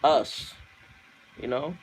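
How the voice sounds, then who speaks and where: A man ranting on a livestream, fiery and profane, repeating himself and climbing into shouted outbursts. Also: very slow, slight background noise. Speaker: livestream host reading viewer comments. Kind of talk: heated political rant on a livestream.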